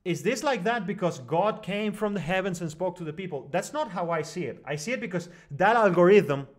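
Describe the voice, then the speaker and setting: A man telling a long personal story as a guest on an online broadcast, talking in animated bursts full of fillers and restarts. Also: high voice, a little fast. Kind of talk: long rambling personal story in casual discussion.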